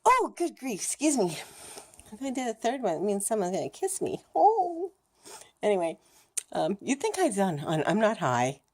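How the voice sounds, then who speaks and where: A middle-aged woman chatting casually to camera in her vlog, frank and animated, laughing often and swearing now and then. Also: medium pitch. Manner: animated, laughing, mimics racing thoughts with fast chatter. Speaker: vlogger sharing her cancer journey.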